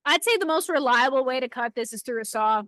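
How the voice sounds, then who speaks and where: A woman's voice: high voice, animated, fast, a bit bright, no echo. A woman with a Boston accent co-hosting a casual live stream, playful and teasing. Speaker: co-host of a live rock-cutting stream.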